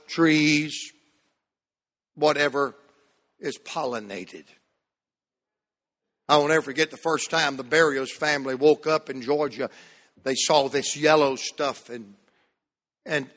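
A man from the American South preaching a sermon to a church, shifting between loud shouts and hushed, drawn-out phrases. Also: a little high. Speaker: pastor. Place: church sanctuary. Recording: long hall reverb.

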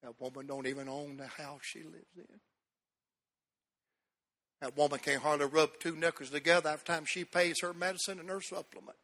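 A man's voice: on the high side, level tone, brisk, sharp tone. A male pastor with a North Carolina accent, telling a personal story in a sermon with folksy country speech.

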